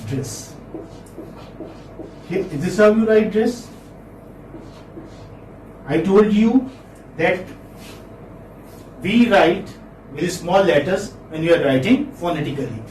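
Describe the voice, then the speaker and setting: A man's voice: high-pitched, takes it slowly, pauses often, darkish tone. A man teaching English phonetics in a classroom lecture, saying words again and again and quizzing his students. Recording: echoey classroom, distant mic, faint noise.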